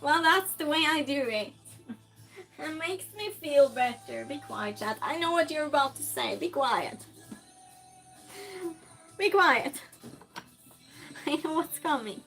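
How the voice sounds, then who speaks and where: A woman's voice: high-pitched, animated, moderate pace, creaky, a bit bright, faint music behind. A woman streamer chatting casually while she cooks, reading viewer comments aloud and answering them with frequent laughs. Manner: laughs often, teases the chat. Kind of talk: casual chat while cooking.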